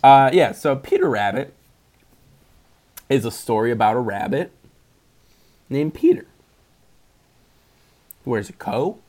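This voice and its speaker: Man, casual chat, sarcastic, keeps laughing, slow talker, voice jumps all over. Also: mid-range voice, lively intonation, darkish tone. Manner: giggly, sarcastic, often laughs mid-sentence. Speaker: podcast co-host reviewing movies.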